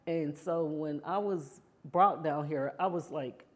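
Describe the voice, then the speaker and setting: A woman's voice: sits low, slow. A woman sharing her personal story in an interview, heartfelt and often adding "you know" as she talks. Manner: grows animated when reliving past moments. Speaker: interview guest.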